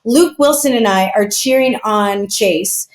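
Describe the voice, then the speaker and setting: A woman guest on a podcast telling stories in a lively, chatty way with lots of fillers. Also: mid-range voice, unhurried. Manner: animated, chatty, many fillers. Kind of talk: casual storytelling. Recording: roomy echo.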